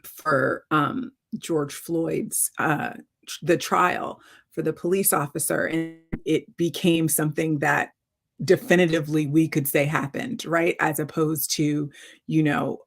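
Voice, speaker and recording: A middle-aged woman author telling stories on a video call, lively and acting out the quotes of others. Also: low voice, measured pace, vocal fry. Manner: animated storytelling, acting out quotes. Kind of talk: virtual author talk.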